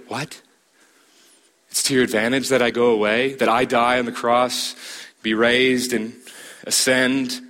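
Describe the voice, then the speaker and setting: A man's voice: fairly even intonation, moderate pace, fairly bright tone. A man preaching a sermon, stressing his points emphatically and asking the listeners direct questions. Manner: emphatic, rising to a high pitch to stress points.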